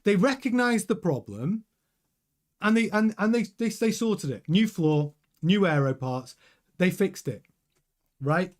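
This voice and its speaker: A man's voice: sits high, unhurried. A man hosting a motorsport news show, giving emphatic, opinionated commentary straight to his viewers. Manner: emphatic and animated, addressing viewers directly. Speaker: host of a motorsport news channel.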